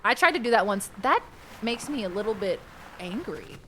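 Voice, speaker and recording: A woman streamer rambles casually while she plays, jumping between topics and breaking into loud, excitable outbursts. Her pitch sits in a middle range for a woman. Steady background noise is clearly audible behind her voice. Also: normal speed. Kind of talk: casual gaming stream chat.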